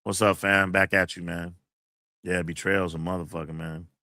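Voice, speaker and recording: A man's voice: low voice, level tone, moderate pace, sharp tone, no echo, clean studio sound. A man hosting a livestream, reading chat comments and venting emphatically, with plenty of profanity. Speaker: college teacher and livestream host.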